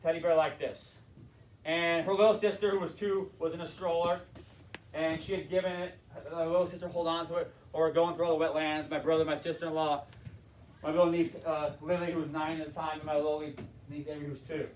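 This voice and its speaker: High-voiced man giving an impassioned talk. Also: flat delivery, a little fast, slight background noise. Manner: impassioned storytelling, acts out characters. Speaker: motivational speaker, school board member. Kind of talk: motivational leadership talk. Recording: roomy, distant mic.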